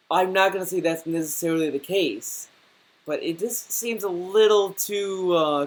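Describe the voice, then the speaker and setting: A man's voice: high voice, low-quality recording. A man giving a reaction commentary as a YouTuber, stammering and repeating words as he rants and swears.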